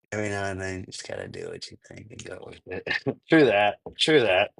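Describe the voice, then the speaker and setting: A man's voice: low-pitched, big pitch swings, normal speed, gravelly, slightly rough, dry recording, poor audio. A man from Minnesota hosting a casual live cooking stream from his home kitchen, chatty and rambling, laughing often and answering chat. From Minnesota, US Midwest. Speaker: cooking channel host.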